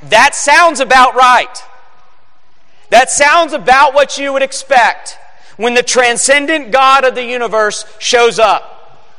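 A man's voice: very high-pitched, takes it slowly, bright, forceful tone. A man preaching a Christmas Eve sermon, earnest and building to emphatic peaks. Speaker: pastor. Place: church sanctuary. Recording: echoing sanctuary reverb.

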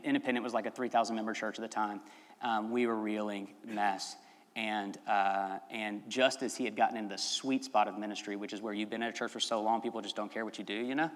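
A man's voice: mid-range voice, a bit bright, big-room sound. A man preaching as pastor, telling a story in a chatty, rambling way and laughing at his own asides. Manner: chatty, rambling, self-amused. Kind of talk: sermon storytelling.

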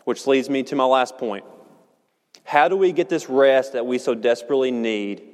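A man preaching a sermon in a church, earnest and measured, slowing down to stress key words. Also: mid-range voice. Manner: earnest, measured, slows for emphasis. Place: church sanctuary. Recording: long hall reverb.

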